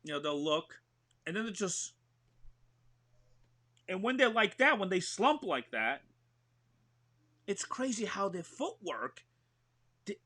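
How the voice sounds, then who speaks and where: A man with a New York accent speaks in a high-pitched voice, slowly and with frequent pauses. He's a guest actor on a casual podcast interview, animatedly telling stories and acting out what he describes.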